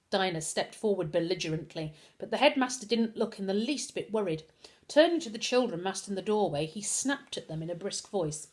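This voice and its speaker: A woman reading a children's novel aloud with expressive storytelling. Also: medium pitch, a little fast. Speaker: reader.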